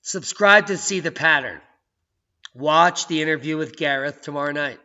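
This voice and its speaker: A man hosting his own video channel, talking in an excitable, jokey way that swings from loud outbursts to hushed asides. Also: on the high side, moderate pace. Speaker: channel host. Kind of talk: casual video commentary. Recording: dull lo-fi sound.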